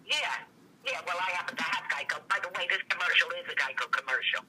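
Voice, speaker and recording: An older woman chatting as a podcast guest, an animated storyteller who acts out the quotes in her stories. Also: lowish voice, fast. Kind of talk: casual chat. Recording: distant, noisy recording.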